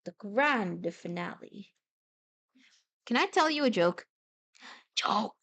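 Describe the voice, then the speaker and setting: A young adult woman rambles playfully while sketching on a live stream, her casual chat punctuated by sudden excited bursts. She speaks slowly at a medium pitch, leaving long pauses.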